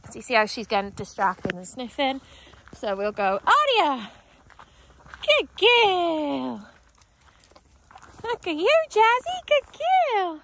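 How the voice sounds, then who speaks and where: Slow-talking woman calling her dogs outdoors. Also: slight background noise. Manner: explains calmly, then calls dogs in a high excited voice. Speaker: dog trainer. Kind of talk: outdoor training demonstration. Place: outdoors on grass.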